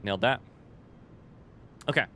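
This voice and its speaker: A man's voice: unhurried, bright, forceful tone, slight background noise. A man giving casual, unscripted commentary on a horror video game he is playing for the first time, rambling, jokey and swearing. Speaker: let's-play gamer.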